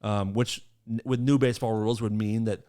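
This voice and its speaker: A man's voice: fairly low pitch, fairly even intonation, fairly quick, mellow. A man co-hosting a podcast in casual chat, teasing his co-hosts, swearing freely and telling stories with lots of energy. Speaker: podcast co-host.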